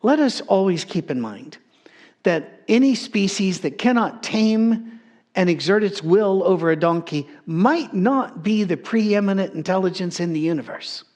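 Humorous male preacher, higher voice. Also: a little mellow. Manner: humorous, conversational storytelling. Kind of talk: sermon.

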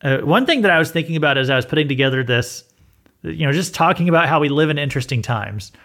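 A man's voice: on the high side, lively intonation, quick pace, fairly bright tone. A man hosting a podcast, talking in a casual, rambling monologue full of fillers and restarts. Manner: rambling, with frequent fillers and self-corrections. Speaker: podcast host.

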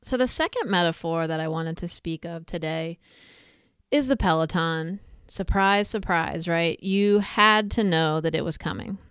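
A woman's voice: lowish voice, measured pace, fairly bright tone, clean tone, no echo, studio quality. A woman talking casually, retelling a film scene with asides and comparisons. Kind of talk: casual spoken reflection.

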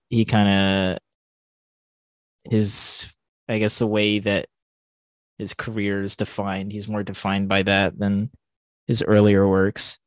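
A man's voice: fairly low pitch, dry recording, poor audio. A man co-hosting a podcast, chatting casually about a film and rambling with many fillers and restarts. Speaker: podcast co-host.

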